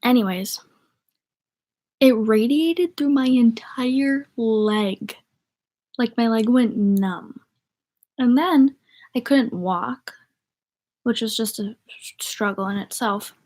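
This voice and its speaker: A woman's voice: fairly high pitch, slow pace, pauses often, a little mellow. A young woman from the northern United States chatting casually to viewers on a livestream, rambling and giggly. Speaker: vlogger.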